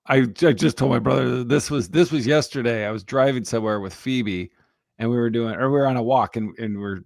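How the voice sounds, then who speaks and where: A man's voice: mid-range voice, brisk, creaky, no room sound, clean studio sound. A man in his thirties co-hosting a podcast, telling rambling anecdotes full of fillers. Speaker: podcast co-host. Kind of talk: casual chat.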